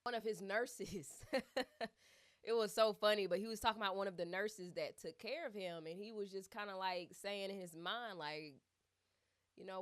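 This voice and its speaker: A woman's voice: medium pitch, normal speed. A woman giving a casual, chatty commentary, retelling a story with lots of fillers and asides. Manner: chatty and animated, with many fillers.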